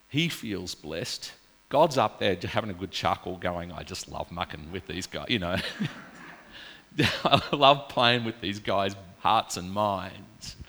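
A man preaching a casual, story-filled sermon in a church. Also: on the low side. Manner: chatty, storytelling, animated with laughs. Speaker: pastor. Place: church hall. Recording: reverberant church hall.

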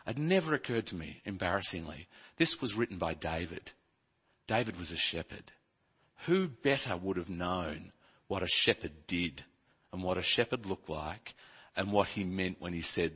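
A man preaching a sermon, telling funny childhood stories with some stumbles and speaking softly in the reflective passages. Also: fairly low pitch, a little slow, husky. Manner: humorous, animated storytelling with stumbles. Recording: dull, reverberant hall recording.

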